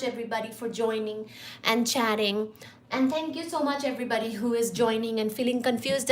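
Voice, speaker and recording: A woman's voice: on the high side, recorded from a distance. A woman hosting a casual livestream from her kitchen, playful and chatty, cooing at her cats. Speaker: livestream host. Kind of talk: casual live-stream chat. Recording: echoey room with background noise.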